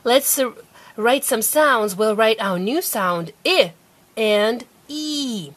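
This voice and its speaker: A fairly high-pitched woman with a lively, swooping voice runs a patient phonics lesson at home. She speaks slowly and clearly, repeating each word and coaxing a child to say it back. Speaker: parent teaching a child to read.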